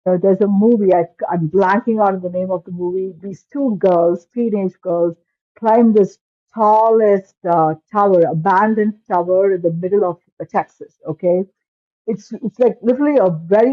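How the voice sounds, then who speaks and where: A woman's voice: medium pitch, dry recording, muffled recording. A woman hosting an interview podcast, chatty and telling stories with fillers. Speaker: podcast host, cardiologist.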